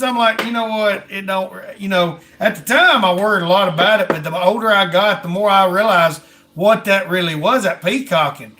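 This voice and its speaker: A man talks in an easy, folksy way, full of "ain't" and "I mean". His voice sits high and rings bright and forward. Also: normal speed, slight background noise. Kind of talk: casual chat.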